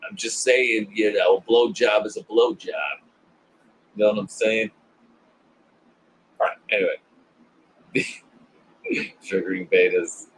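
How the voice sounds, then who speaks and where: A man's voice: fairly low pitch, steady tone, unhurried, long pauses, slightly rough, poor audio. A man co-hosting a casual podcast, joking crudely about a slasher movie and often acting out characters' lines. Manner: joking, laughs often, acts out quoted lines. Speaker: podcast co-host.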